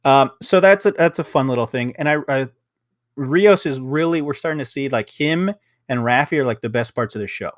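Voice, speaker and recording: A man's voice: medium pitch, a little fast, no echo, clean studio sound. A man hosting a casual podcast review of a TV episode, rambling along with lots of fillers, restarts and swearing.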